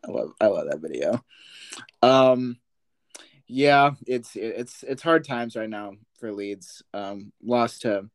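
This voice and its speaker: A young man hosting a podcast, chatting casually about sports in a relaxed way with many fillers. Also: lowish voice, slow. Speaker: podcast host.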